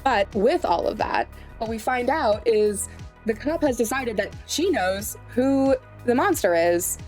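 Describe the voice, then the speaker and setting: A woman's voice: fairly high pitch, expressive, a little slow, darkish tone, soft background music. A woman hosting a casual, chatty recap of a series, digressing and asking rhetorical questions. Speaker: show host recapping a series.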